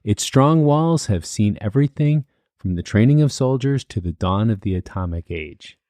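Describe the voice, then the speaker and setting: A man's voice: fairly low pitch, expressive, moderate pace, warm tone, no room sound. A man co-hosting a paranormal podcast as the skeptic, talking in a joking, easygoing way. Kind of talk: casual podcast chat.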